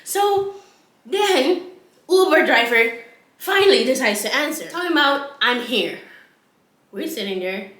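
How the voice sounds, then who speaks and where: A woman vlogger tells a story in a lively, animated way, often laughing and repeating herself for effect. Her voice is bright and a little high. The recording has an echoey room sound. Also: a little slow. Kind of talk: casual storytime vlog.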